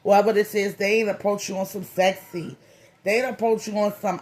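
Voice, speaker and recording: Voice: medium pitch, little pitch movement, brisk, a little mellow. A tarot reader giving a comedic reading in a loose, slangy, playful way, with profane jokes and lots of repeated phrases. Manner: profane joking.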